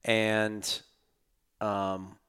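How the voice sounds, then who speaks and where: A man's voice: lowish voice, little pitch movement, very slow, fairly bright tone, clear, resonant tone. A podcast host chatting loosely and rambling, swearing casually, his voice worn from an earlier recording. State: losing his voice. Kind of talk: casual chat.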